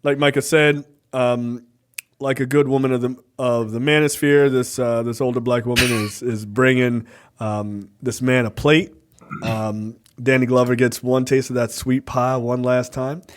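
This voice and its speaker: A man's voice: medium pitch, little pitch movement, measured pace. Laid-back cursing podcast host, male. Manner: profane, laid-back storytelling. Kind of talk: casual movie review chat.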